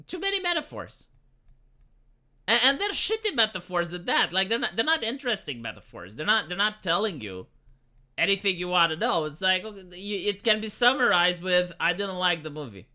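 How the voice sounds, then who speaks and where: A man streaming live, reacting to film reviews with sarcastic, profane rants and halting restarts. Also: high-pitched, very animated, pushed and bright. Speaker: livestreamer.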